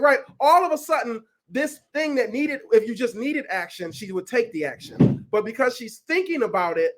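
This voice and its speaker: A man leading a resilience workshop over a video call, animated and casual, often checking in with his listeners. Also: very high voice, moderate pace. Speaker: workshop facilitator. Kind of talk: energetic coaching talk on a video call.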